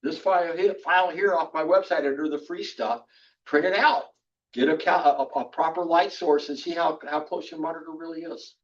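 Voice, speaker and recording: A man's voice: on the high side, fairly even intonation, fairly quick. An older man giving a casual workshop lecture on photography, chatty and rambling with frequent restarts and fillers. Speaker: photography instructor. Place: club meeting room. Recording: distant, dull room recording.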